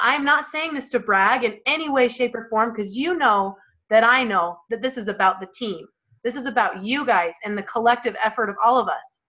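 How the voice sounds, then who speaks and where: A woman's voice: on the high side, bright, forceful tone. A woman in her thirties leading a team call, giving an emphatic, emotional motivational talk. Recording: dull lo-fi call audio.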